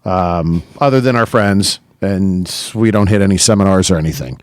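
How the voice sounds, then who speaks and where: A man co-hosting a podcast, chatting casually in a low voice. He is laid-back and often stumbles, restarts and drops in "yeah". The recording is close and dry. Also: moderate pace, no room sound. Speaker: podcast co-host. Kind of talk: casual chat.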